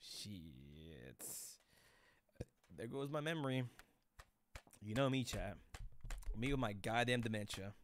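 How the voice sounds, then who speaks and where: A man's voice: fairly low pitch, expressive, slow pace, long pauses, slight background noise. A young man streaming live, chatting loosely with chat in rambling, profane slang.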